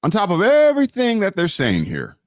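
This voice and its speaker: Guy preaching on a live stream, pitch jumps all over, dry close sound, repeats himself for emphasis. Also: huge pitch swings, no echo. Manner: drawn-out emphasis with frequent fillers and restarts. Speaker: host of a live teaching stream. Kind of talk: live online teaching on law and scripture.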